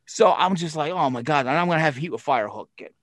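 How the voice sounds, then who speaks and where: Male storyteller, profane and animated, acts out quotes; fairly high pitch, dry close sound. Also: quick pace, dry recording. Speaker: podcast guest telling stories. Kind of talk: casual storytelling chat.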